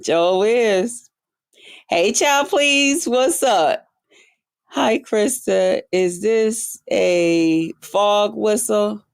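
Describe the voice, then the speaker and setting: A woman chatting casually on a livestream, reading viewer comments and answering them in an animated, sassy way, jumping between high exclamations and low muttered asides. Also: drawn-out words, creaky, smooth.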